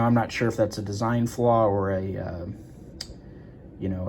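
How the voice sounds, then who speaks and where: A man's voice: on the low side, a little mellow, a little hiss or hum. A man working as a guitar repair tech, explaining a repair in a casual, rambling way with many fillers and restarts.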